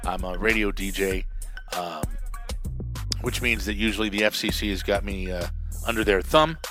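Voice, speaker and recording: A man from New Mexico who works as a radio DJ and comic, hosting his own podcast in a loud, profane, beer-drinking monologue. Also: lowish voice, normal speed, music in the background. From Albuquerque, New Mexico. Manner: loud, swearing, drinking beer while talking.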